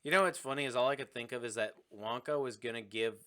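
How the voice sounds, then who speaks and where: Brief: male podcast co-host, mid pitch, bright tone, joking casual banter. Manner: joking, quick with wisecracks. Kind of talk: casual movie chat.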